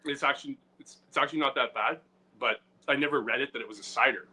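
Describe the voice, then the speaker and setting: A man's voice: mid-range voice, fast, slightly rough, rough recording. A man co-hosting a comedy podcast in casual, rambling chat with many fillers. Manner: rambling, many fillers and restarts, loud swings. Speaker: podcast co-host.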